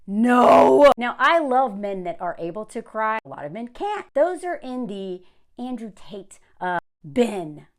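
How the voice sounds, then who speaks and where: A woman's voice: on the high side, very animated, a little slow. A woman giving an opinionated commentary rant to camera in a sarcastic, scornful way. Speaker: commentary vlogger.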